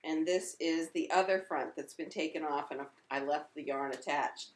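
A woman's voice: low-pitched, moderate pace, a little hiss or hum. A middle-aged woman co-hosting a casual knitting video chat with her daughter in an apartment, talking with enthusiasm and laughing easily. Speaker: podcast co-host.

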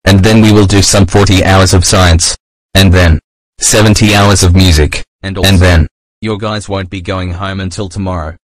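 A man plays a strict night-class teacher in a homemade cartoon, announcing the schedule in a flat, unvaried tone. His voice is very low. The sound is dry. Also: brisk, dry recording, close to an everyday voice.

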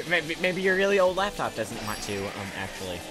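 A man's voice: a little high, sing-song, fairly quick, low-quality recording. A man teasing his friend while they commentate a video game together. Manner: teasing, playful banter. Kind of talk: casual gameplay commentary. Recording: game music behind.

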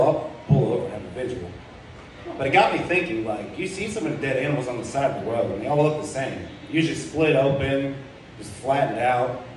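A man's voice: mid-range voice, darkish tone, a little hiss or hum. A young man doing a stand-up comedy set, rambling and crude, full of fillers and self-deprecating asides. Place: comedy club stage. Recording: very echoey club room heard from far off.

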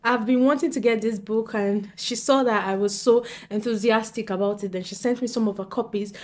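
An excitable young woman from Nigeria chats to her viewers in a bright, fairly high voice. She giggles often and swings quickly from nervous to thrilled, keeping it casual and direct. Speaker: book vlogger. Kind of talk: casual chat to camera.

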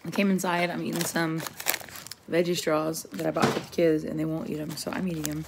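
A young woman with a low, gravelly voice talks to her camera in a loose, rambling vlog style. She sounds candid and chatty, and there is a faint hiss of background noise around her. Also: level tone, brisk. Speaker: vlogger. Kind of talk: casual vlog chat. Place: parking lot, then store.

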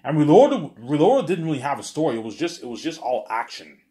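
A man telling a rambling imagined story in casual monologue, repeating filler phrases and swinging into loud excited bursts. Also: a little high, brisk. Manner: rambling, repeats "he's like" and "you know what I'm saying".

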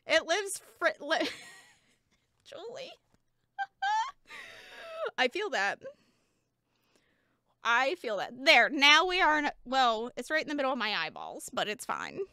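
Young woman streamer, high lively voice, giggly chatter, bright tone, dry close sound. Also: normal speed, gravelly, dry recording. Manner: giggly and chatty, talking to chat while changing onesies. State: out of breath. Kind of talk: casual livestream chat.

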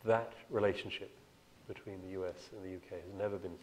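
British-accented man, low voice, hesitant panel speaker. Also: steady tone, darkish tone. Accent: British, Cambridge-educated. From Ireland. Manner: measured, hesitant, self-deprecating. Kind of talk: panel discussion.

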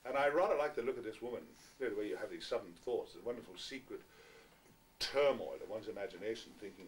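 A man's voice: on the low side, animated, fast talker. Theatrical older man telling wry tales. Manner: theatrical, wry, self-mocking. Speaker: guest actor answering fans. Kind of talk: anecdotal storytelling. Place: small packed venue, indoors. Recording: distant amateur recording with faint hiss.

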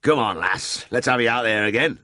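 A man's voice: medium pitch, brisk, sharp tone, no echo, clean studio sound, pitched above the performer's own voice, lightly acted. A man voicing a flustered drover with a Yorkshire accent, calling out breathlessly. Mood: cheerful.

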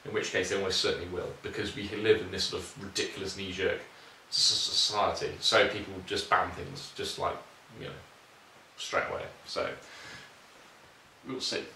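A British man chatting loosely through viewer questions, full of ums and restarts, in a lowish voice with a bright, sharp edge. He sounds set back from the mic in a roomy, echoey space, with a faint hiss in the background. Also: flat delivery, normal speed, vocal fry, far from the mic. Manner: rambling, informal, lots of fillers. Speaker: shooting channel host. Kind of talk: casual Q&A chat.

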